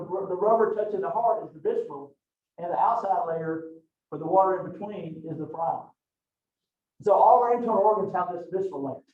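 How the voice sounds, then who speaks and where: Folksy man lecturing from afar. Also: sits high. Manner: folksy, joking storyteller. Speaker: anatomy instructor. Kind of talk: classroom lecture. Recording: far-off, echoey, phone-like lecture recording.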